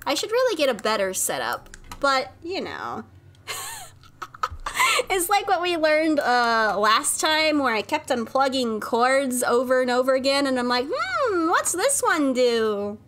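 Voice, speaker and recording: Giggly high-voiced woman streaming games. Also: very animated, unhurried, a bit bright. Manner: giggly and playful, laughs often. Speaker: game streamer. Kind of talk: casual live-stream chat while gaming. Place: home room by a window. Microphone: desk mic at a home streaming setup.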